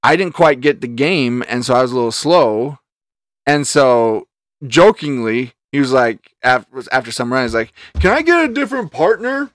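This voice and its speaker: A man co-hosting a podcast with his brother, giving short agreeing replies and telling his own story in a halting way. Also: medium pitch, no echo, clean studio sound. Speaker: podcast co-host. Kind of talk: casual chat.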